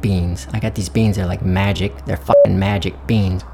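A man doing a shady low-voiced bean dealer. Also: fairly even intonation, moderate pace, vocal fry, very noisy. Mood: hustling.

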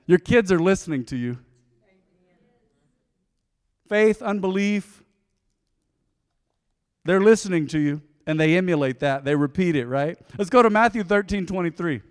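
Middle-aged male pastor, folksy sermon delivery with acted-out quotes, high voice, reverberant church hall. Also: lively intonation, normal speed, pauses often, clean tone. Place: church sanctuary.

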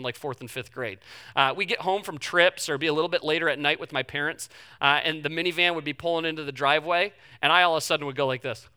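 Guy pastor giving a sermon, bright voice, chatty storytelling, goes from quiet to loud pleading. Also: sits high. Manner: conversational storytelling with humor, swinging between hushed and loud pleading.

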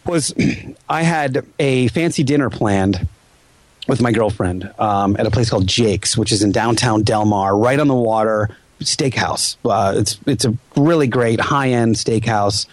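A man's voice: lowish voice, a little slow, no room sound. A man in his forties hosting a podcast, telling a story in casual chat and acting out the voices of people in it. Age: 40s. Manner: animated, acts out quoted voices. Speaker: podcast host.

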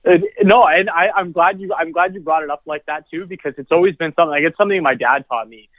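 A man's voice: fairly high pitch, quick pace, no echo, narrow, tinny audio. A man chatting casually as a podcast guest, rambling and repeating words as he thinks. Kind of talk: casual chat.

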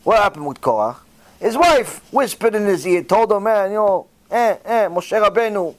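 Delivering a sermon, a man who is a rabbi addresses his listeners directly and brings his stories to life by performing short dialogues in different voices. He speaks at a moderate pace in a voice that sits high, with a little hiss or hum on the recording.

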